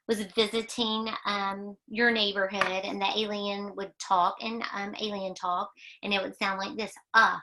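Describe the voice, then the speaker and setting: A woman's voice: medium pitch, sharp tone. A woman teaching a children's phonics lesson, patient and sing-song, stretching out words and repeating key phrases. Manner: patient, sing-song, drawn-out teacher talk with emphatic repetition.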